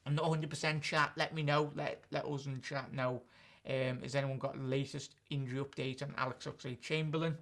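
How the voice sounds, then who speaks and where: A man's voice: mid-range voice, little pitch movement, brisk, a bit bright. A man hosting a live-stream football chat as a fan channel host, chatting and answering viewer comments directly.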